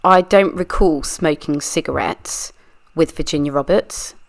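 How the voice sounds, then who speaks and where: A woman's voice: sits low, a little slow, gravelly. A woman reading a deposition aloud, voicing a guarded woman witness who gives short, evasive answers. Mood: terse, guarded. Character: guarded adult woman witness under questioning. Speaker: true crime channel reader. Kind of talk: read-aloud deposition reenactment.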